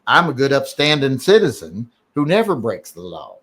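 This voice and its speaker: A man hosts a casual live stream, reading out emails and chat messages. He rambles and cracks jokes, stopping and restarting often, with a voice of ordinary middle pitch. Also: wildly swooping pitch, normal speed, fairly bright tone. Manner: rambling, joking, many fillers and restarts.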